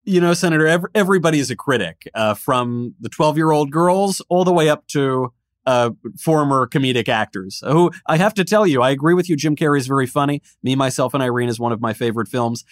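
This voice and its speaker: A man's voice: medium pitch, a little fast, dry recording. Guy hosting a podcast, mid-range voice, friendly banter, super dry sound. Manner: upbeat, reads listener questions and banters. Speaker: podcast host. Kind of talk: casual political podcast chat.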